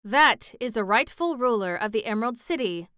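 A woman's voice: on the high side, animated, normal speed, bright, forceful tone, clear, resonant tone, dry recording, clean studio sound, pitched above the performer's own voice. A woman voicing a sly, grudging old female witch in a storybook reading, reluctant and evasive in her answers.

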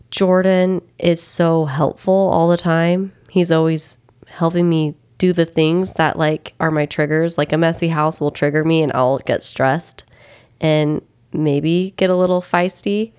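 A woman's voice: lowish voice, steady tone, measured pace, darkish tone, smooth. A young woman chatting casually as a podcast guest, agreeable and easygoing, laughing often. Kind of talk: casual chat.

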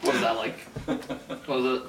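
A man with a mid-pitched voice teases his podcast partner in a dry, deadpan way during a casual chat. He is recorded from a distance in a roomy space that echoes, with a faint hiss in the background. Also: moderate pace. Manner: dry, teasing. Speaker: podcast co-host. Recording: roomy sound from a distant mic, faint noise.

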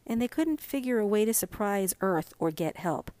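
A woman voicing an excitable, scheming little girl who talks eagerly and a bit whiny in a storybook reading. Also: medium pitch, normal speed, no room sound, close to an everyday voice. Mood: excited.

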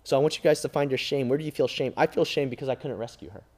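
A man preaching an emotional sermon as a youth pastor, swinging between loud cries and hushed, near-whispered lines. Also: medium pitch, fairly even intonation, racing. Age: adult father.

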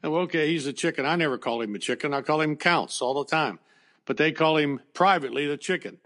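Fairly high-pitched and bright in tone, an older former baseball coach talks at a quick pace as he tells an emotional personal story on a podcast. His delivery is plain and conversational, peppered with fillers and restarts.

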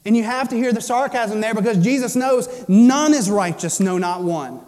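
A male pastor with a high, mellow voice preaches with passion, rising to loud stretches and dropping to near-hushed lines. His voice rings out with a long reverb in a church hall. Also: moderate pace. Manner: impassioned preaching, swinging between loud and hushed. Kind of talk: sermon.

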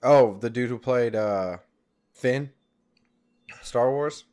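A man's voice: medium pitch, slow, a little mellow, clean tone. A man joking and teasing his friends in a casual podcast chat. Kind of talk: casual banter.

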